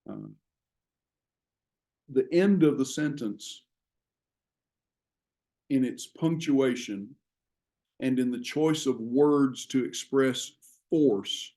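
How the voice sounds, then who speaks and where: A man teaching a class on writing, explaining ideas in a measured way with frequent pauses. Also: mid-range voice, mellow. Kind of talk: classroom lecture.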